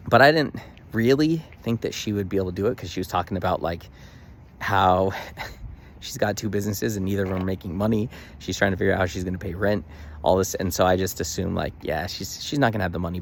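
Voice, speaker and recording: A man's voice: deep voice, creaky, slight background noise. A young man vlogging, telling a story casually with emphatic bursts and lots of fillers and restarts.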